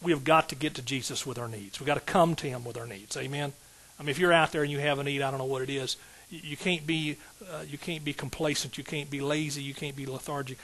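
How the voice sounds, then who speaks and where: A man's voice: medium pitch, steady tone, fast, hardly any pauses, a bit bright, rough recording. A middle-aged man, a pastor preaching a sermon in an emphatic call-and-response style with rising outbursts.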